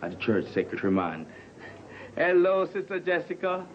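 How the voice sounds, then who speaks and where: A man's voice: a little high, very animated, moderate pace, lo-fi sound. A man playing a sly Jamaican church treasurer. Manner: sly, sing-song greetings. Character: sly male church treasurer greeting worshippers. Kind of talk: comedy sketch. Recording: noisy ambience.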